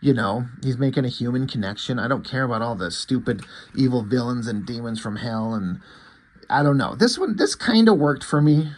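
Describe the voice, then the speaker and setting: A man casually reviewing a comic book page by page, rambling, opinionated and quick to swear. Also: mid-range voice, animated. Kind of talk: casual chat.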